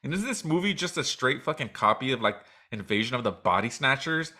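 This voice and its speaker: A man's voice: medium pitch, lively intonation, fairly quick, sharp tone. A man co-hosting a casual podcast, delivering a heated, profanity-heavy comic rant. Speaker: podcast co-host.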